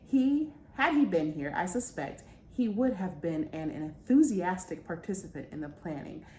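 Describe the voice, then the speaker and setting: A woman's voice: fairly low pitch, animated, moderate pace, a little mellow, close to an everyday voice. A woman voicing a fussy, anxious male butler clock while reading a quote aloud. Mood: prim. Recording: roomy with faint background noise.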